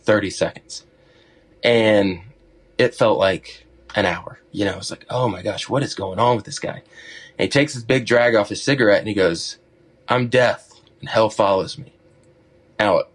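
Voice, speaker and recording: A middle-aged man with a lowish voice tells a tense personal story on a podcast, casual and animated. He slips into quick re-enactments of what he and others said, his pitch jumping up for the dramatic moments. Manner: animated storyteller, acts out his own quotes. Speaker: podcast guest, songwriter.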